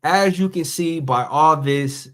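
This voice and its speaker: Middle-aged male host, fairly high-pitched voice, laid-back talky commentary with emphatic pauses. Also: a bit bright. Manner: conversational, drawn-out emphatic phrasing. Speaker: podcast host. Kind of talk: casual monologue commentary.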